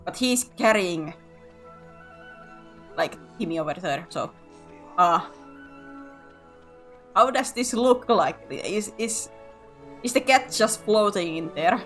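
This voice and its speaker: Giggly woman streamer, lively voice. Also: medium pitch, takes it slowly, pauses often, faint music behind. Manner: giggly, stumbles over words. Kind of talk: casual gameplay chat.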